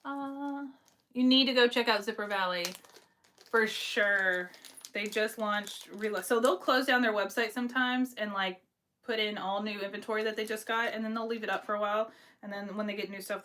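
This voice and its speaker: Woman chatting on her craft livestream, casual, lots of ums, mid pitch. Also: steady tone, moderate pace, a bit bright. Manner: chatty, lots of fillers, reads viewer comments aloud. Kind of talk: casual live stream show-and-tell.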